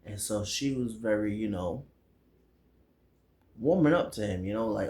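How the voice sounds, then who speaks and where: Male movie reviewer, slow slangy rambling talk, echoey room. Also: lowish voice, darkish tone. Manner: slangy, rambling, lots of fillers and acted quotes. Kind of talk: casual movie recap.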